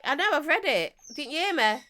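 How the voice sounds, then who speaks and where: Croaky lady live streaming, high voice that bounces all over, chatty and laughing at herself. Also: big pitch swings, fairly quick. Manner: chatty, self-mocking, greets viewers warmly. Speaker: live-stream vape reviewer. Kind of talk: casual live-stream chat.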